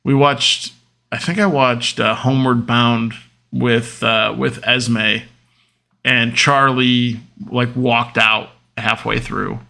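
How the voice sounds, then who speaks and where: Male host, 30s, casual monologue with a gravelly edge. Rambling and heartfelt, with plenty of ums and restarts. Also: mid-range voice, little pitch movement, slow, sharp tone. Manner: rambling, with many fillers and restarts; open and emotional. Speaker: podcast host.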